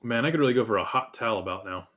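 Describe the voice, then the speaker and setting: A young man with a somewhat low voice plays in a tabletop game. He jokes and banters in a loose, casual way. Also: animated, racing, fairly bright tone. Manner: joking, playful banter. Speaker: player.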